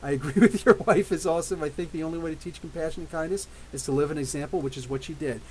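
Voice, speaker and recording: A man in his thirties hosting a live podcast, reading out chat messages and rambling animatedly with quick asides and frequent laughs. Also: on the high side, a little hiss or hum, low-quality recording. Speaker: podcast host. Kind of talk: live stream chat reading super chats.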